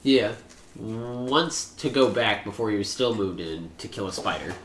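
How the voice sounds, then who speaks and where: Young guy cohosting a podcast at home, bright animated voice, swears a lot, echoey room. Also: on the low side, a little slow. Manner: jokey storyteller, swears freely. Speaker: podcast co-host. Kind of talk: casual chat, crude banter. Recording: echoey room, faint hiss.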